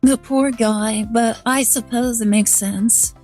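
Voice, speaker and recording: A woman's voice: fairly high pitch, steady tone, slow pace, a little mellow, faint music behind. A woman VTuber streaming, casually rambling through an anecdote to her chat.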